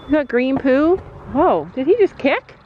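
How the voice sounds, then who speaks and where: A woman's voice: high voice, lively intonation, unhurried, dull audio, slight background noise. A woman vlogging as a mom outdoors at a horse barn, chatting casually and explaining her gear to viewers. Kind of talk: casual vlog chat.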